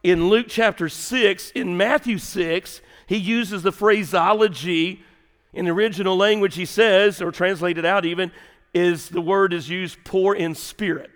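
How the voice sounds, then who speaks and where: A high-pitched male pastor preaching to his congregation in an animated, chatty way. He drops to a hush and then rises again for emphasis. A long reverb hangs in the church sanctuary. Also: a little slow. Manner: animated, conversational, swings between loud and hushed. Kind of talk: sermon.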